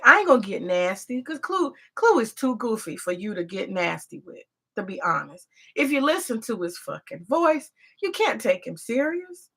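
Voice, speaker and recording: A woman's voice: mid-range voice, vocal fry, pushed and bright. A woman hosting a rambling, profane commentary, emphatic and repetitive, full of rhetorical questions. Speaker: commentary host.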